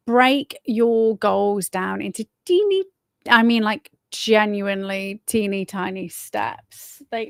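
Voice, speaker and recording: A woman's voice: mid-range voice, no room sound, clean studio sound. A young woman hosting a livestream, chatting casually with lots of fillers, restarts and swearing. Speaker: livestream host. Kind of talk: casual self-help chat.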